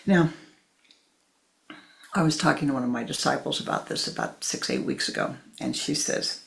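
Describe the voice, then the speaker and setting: A woman spiritual teacher giving a sermon, telling a story in a deliberate way and acting out its voices. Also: rumbling low, wildly swooping pitch, vocal fry.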